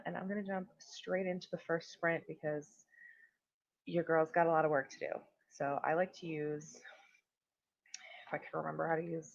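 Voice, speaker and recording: A young woman hosting a casual livestream, chatting and greeting viewers with lots of fillers. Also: lowish voice. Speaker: livestream host. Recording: dull lo-fi stream audio.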